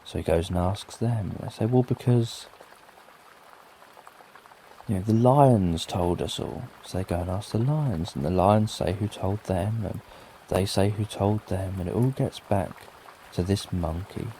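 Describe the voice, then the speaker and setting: A middle-aged British man narrating a bedtime story for sleep, gentle and lulling with plenty of repetition. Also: sits low, normal speed, a little hiss or hum. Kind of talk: slow soothing bedtime storytelling. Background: soft rain.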